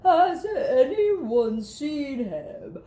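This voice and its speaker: A fussy older math teacher making a slow, solemn announcement to her class, as a woman reading aloud puts her on. She drags her words out, and her pitch swings widely. It sounds like an echoey room. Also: very animated, warm tone, heavily acted.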